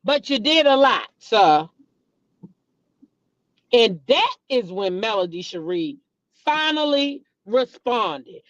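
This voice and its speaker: A woman's voice: on the high side, a bit bright, dry recording, lo-fi sound. A woman hosting a casual gossip commentary, emphatic and profane, repeating her points and talking straight to her viewers. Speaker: host.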